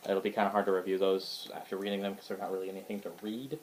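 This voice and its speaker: Man, lowish voice, rambling and hesitant, casual show-and-tell vlog, faint room hum behind. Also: little pitch movement, rapid-fire, a little mellow, rough recording. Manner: rambling, hesitant, many fillers and restarts. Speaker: book collector showing his collection. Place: indoors at home.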